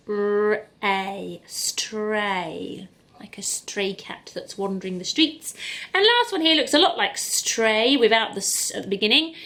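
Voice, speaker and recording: Slow-spoken woman teaching phonics. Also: on the high side, a bit bright. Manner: slow, sounds out letters, encouraging. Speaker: primary school teacher. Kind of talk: phonics lesson to camera. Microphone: camera in front of her.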